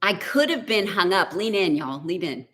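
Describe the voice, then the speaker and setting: A middle-aged woman, a business coach telling a chatty, animated story to a live online audience. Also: on the low side, normal speed. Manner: chatty, animated, says "y'all" and "like".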